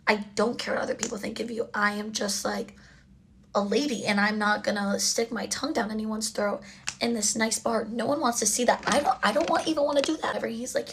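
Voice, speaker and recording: A young woman casually telling a storytime while getting ready, chatty and exasperated, dropping to a low mutter for asides. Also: steady tone, moderate pace, slight background noise.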